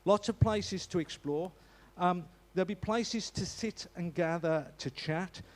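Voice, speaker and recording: Speaking unhurriedly in a high voice, a man shares an informal notice at church. He's talkative and full of jokes, with many stumbles and restarted sentences.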